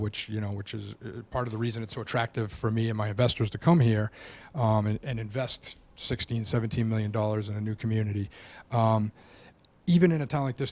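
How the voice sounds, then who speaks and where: A man's voice: medium pitch, a little mellow. A man presenting to a town board as a housing developer, hesitant and full of restarts. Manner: hesitant, many restarts, explanatory. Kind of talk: public meeting presentation.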